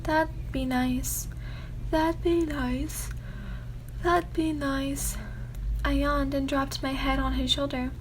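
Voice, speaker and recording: A woman softly reading a sleepy ASMR story at an unhurried pace. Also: high voice, level tone, slight background noise. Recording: music playing underneath.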